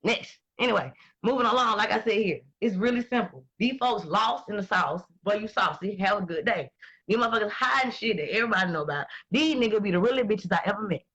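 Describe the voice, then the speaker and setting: A woman, talking in blunt, profane and animated casual chat as host. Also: medium pitch, quick pace, slightly rough, lo-fi sound. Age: 20s.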